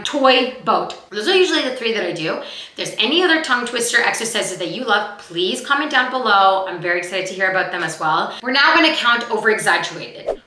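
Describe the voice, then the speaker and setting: A young woman who talks fast and chatty as she teaches actors vocal warmup exercises. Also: medium pitch, echoey room, noisy background. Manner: fast-talking, chatty, demonstrates exercises aloud. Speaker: acting coach.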